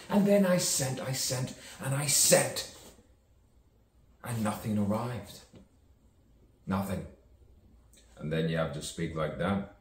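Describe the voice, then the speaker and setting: A man with a very deep voice muses aloud in slow, theatrical spoken word, his pitch rising and falling a lot. He repeats words and chases rhymes. He sits well back from the mic in an echoey room with faint ambience behind him. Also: recorded from a distance, a little hiss or hum. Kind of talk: improvised spoken-word musing.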